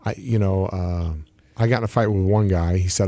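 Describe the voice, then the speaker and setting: Male radio guest, low and mellow, dry mic, halting speech with many fillers. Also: little pitch movement, dry recording. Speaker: guest, former pro wrestler. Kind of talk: casual interview talk.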